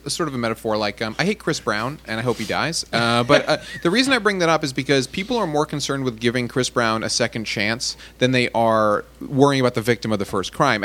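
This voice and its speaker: A man's voice: mid-range voice, fairly bright tone. A man in casual podcast chat, blunt and opinionated, swearing freely. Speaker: comedian.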